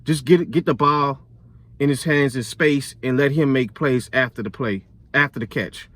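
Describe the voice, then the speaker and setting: A young man in the middle of the usual pitch range, talking football in a loose, slangy way full of fillers. He is blunt and opinionated, and his voice climbs and gets louder when a point fires him up. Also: normal speed, dry recording. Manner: opinionated, blunt, rising loud when fired up. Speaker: sports vlogger. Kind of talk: casual sports commentary.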